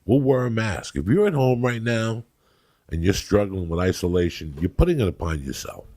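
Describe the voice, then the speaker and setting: A middle-aged man from New Jersey, a comedian host telling loud, crude, rambling stories in casual chat. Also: low-pitched, big pitch swings, moderate pace. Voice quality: gravelly. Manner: loud, rambling and crude, breaking into acted quotes. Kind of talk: profane storytelling chat.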